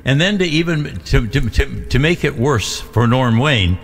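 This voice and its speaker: An older man, a veteran radio DJ, tells stories in a halting, animated way during a casual studio chat. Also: mid-range voice, in a large hall, faint music behind.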